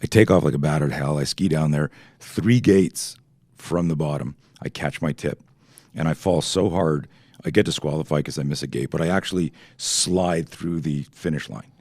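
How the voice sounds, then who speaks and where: A middle-aged man from Canada, a self-defense instructor telling stories as a podcast guest, animated and swearing freely while acting out quoted dialogue. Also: a bass voice, moderate pace, no room sound, clean studio sound. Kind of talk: podcast interview storytelling.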